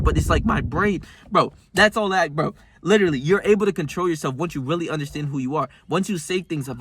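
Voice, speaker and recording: A man's voice: sits high, fairly quick, a bit bright, slightly rough. A young man talking straight to camera in a casual motivational monologue, rambling and emphatic, swearing often and calling the viewer bro. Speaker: self-improvement vlogger.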